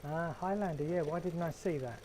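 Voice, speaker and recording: A man's voice: on the high side, a little fast, warm tone, a little hiss or hum, rough recording. A man with a London accent hosting a casual live stream from his garden shed, chatting with viewers in a wry, joking way. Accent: London English. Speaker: livestream host.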